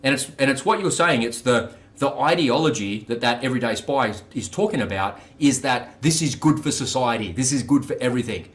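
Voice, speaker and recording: A man in casual podcast talk, telling stories in a blunt, profane, lively way. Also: mid-range voice, fairly quick, few pauses.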